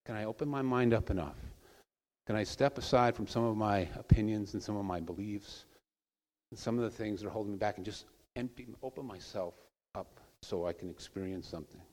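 Male preacher, low voice, relaxed storytelling sermon, church hall with long reverb. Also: brisk. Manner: conversational storytelling, with soft trailing asides. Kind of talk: informal sermon.

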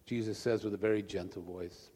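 A man preaching as pastor, a relaxed conversational storyteller. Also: lowish voice, a little fast. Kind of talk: sermon with a joke. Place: church sanctuary. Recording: long church reverb.

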